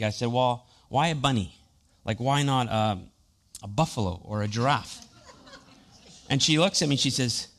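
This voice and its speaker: A man's voice: medium pitch, a bit bright. A man in his thirties, a pastor preaching a sermon, telling personal family and boat stories in a chatty, self-deprecating way.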